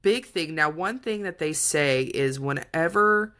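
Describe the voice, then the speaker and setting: Low-voiced woman recapping a book animatedly. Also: a little slow. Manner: animated, retelling plot with emotion. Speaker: podcast co-host. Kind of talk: casual book-review chat.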